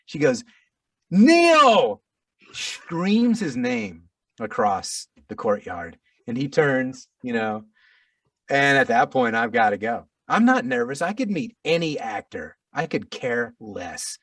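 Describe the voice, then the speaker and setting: A middle-aged man, an audiobook narrator, telling a story in a casual interview, animated and self-deprecating with frequent restarts. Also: medium pitch, unhurried, dry recording, recorded from a distance.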